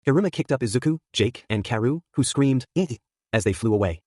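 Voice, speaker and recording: A man's voice: medium pitch, expressive, quick pace, a little mellow, dry recording, clean studio sound. Man reading fan fiction aloud. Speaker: narrator.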